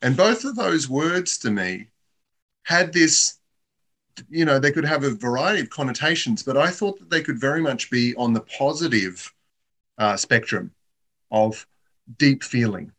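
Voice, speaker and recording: A man's voice: mid-range voice, expressive, a little slow, fairly bright tone. A man in reflective casual conversation, talking in a thoughtful, musing way.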